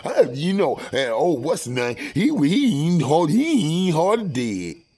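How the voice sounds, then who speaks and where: A man putting on a fawning, high-pitched worker sucking up. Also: very animated, measured pace, full character voice. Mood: servile. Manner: eager, servile, high and loud. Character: fawning male truck worker sucking up to boss.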